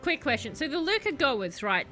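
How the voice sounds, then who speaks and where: A woman's voice: sits high, very animated, moderate pace, sharp tone, faint music behind. A woman streamer chatting sarcastically through her first playthrough of a game, joking at the story. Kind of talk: first-playthrough gameplay commentary.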